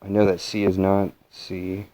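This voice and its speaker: A man's voice: low-pitched, monotone, a little slow, dark tone, rough recording. A man talking through a casual vlog, meandering with frequent fillers and self-corrections. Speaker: channel host. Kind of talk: rambling casual vlog commentary.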